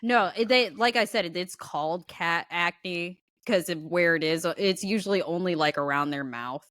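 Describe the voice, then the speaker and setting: A young woman co-hosting a podcast, telling a story in casual chat with animated, slangy, profane delivery. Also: on the low side, normal speed, no echo, studio quality. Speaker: podcast co-host.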